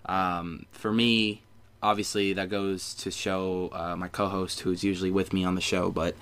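A man hosting a podcast, earnest and halting, with many fillers. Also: sits low, flat delivery, a bit bright, clear, resonant tone. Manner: earnest, hesitant, lots of fillers. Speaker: podcast host. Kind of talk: casual podcast interview.

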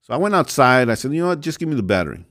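A man's voice: mid-range voice, very animated, racing, fairly bright tone. A man hosting a show, telling a rambling everyday story that turns into a sermon, often restarting his sentences and calling listeners "folks". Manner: rambling, self-interrupting, chuckles, addresses listeners as folks. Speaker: podcast host preaching.

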